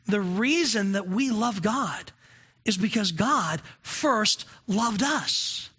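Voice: mid-range voice, lively intonation, slow pace, fairly bright tone, husky. A pastor preaching a sermon in an earnest, conversational way, asking the congregation questions.

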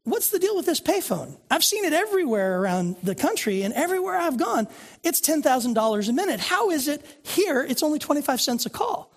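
A man's voice: very high-pitched, very animated, brisk, pitched above the performer's own voice, exaggerated voice. A male preacher voicing a curious traveling reporter who asks puzzled questions in a joke.

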